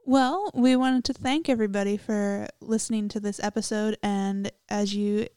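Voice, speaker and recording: Young woman cohost wrapping up the show, soft mellow voice, polite. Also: mid-range voice, fairly even intonation, normal speed, clear, resonant tone, no room sound, studio quality. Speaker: podcast co-host. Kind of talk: podcast outro.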